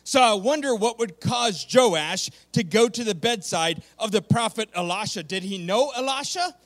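A man with a notably high voice preaches to his congregation in a conversational, emphatic way. He repeats his main points for effect and keeps checking in with his listeners. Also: animated, normal speed, fairly bright tone. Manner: conversational preaching with frequent "okay". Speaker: pastor. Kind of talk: sermon.

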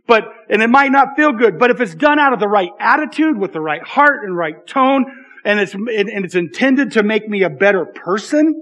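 A man's voice: high voice, fairly bright tone. A man in his thirties, a pastor giving a conversational, self-deprecating sermon with frequent asides to the congregation.

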